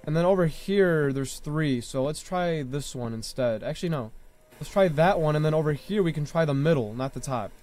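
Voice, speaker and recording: A young man commentating live gameplay to viewers, reacting loudly and yelling when startled. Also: on the high side, expressive, normal speed. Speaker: gaming streamer. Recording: faint music behind voice.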